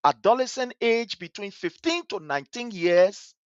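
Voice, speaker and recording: A man's voice: sits high, lively intonation, normal speed, dry recording, highs cut off. A man giving heated, indignant commentary on a live stream, repeating phrases for emphasis. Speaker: livestream host.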